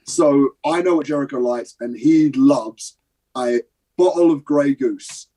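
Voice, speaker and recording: A young adult man from Britain, the guest on an interview show, tells an animated story. He swears casually and acts out scenes. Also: medium pitch, a little slow, low-quality recording. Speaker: guest, professional wrestler. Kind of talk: animated anecdote telling.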